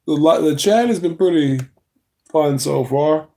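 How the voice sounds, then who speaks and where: Chatty livestreamer with a drawl. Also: male voice, on the high side, unhurried, vocal fry, warm tone. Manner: loose and chatty, reading chat aloud, yawning. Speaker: livestream host. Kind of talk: casual livestream chat.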